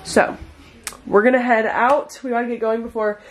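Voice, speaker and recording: A woman's voice: on the high side, little pitch movement, moderate pace, poor audio. Chatty young woman vlogging to camera. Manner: chatty and upbeat, addressing viewers directly. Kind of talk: casual vlog chat to camera. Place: outdoors on a hiking trail and at home.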